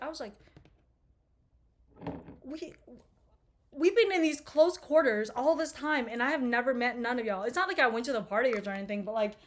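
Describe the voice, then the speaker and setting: Young woman, twenties, quick rambling profane storytime vlogger, a bit high-pitched. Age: 20s. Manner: rambling, profane, laughing asides. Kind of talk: casual storytime chat.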